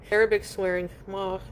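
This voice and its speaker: A woman's voice: mid-range voice, fairly bright tone, a little hiss or hum. A woman live streaming from home, chatting casually and reading viewer comments aloud while she eats. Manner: chatty and rambling, eating while talking.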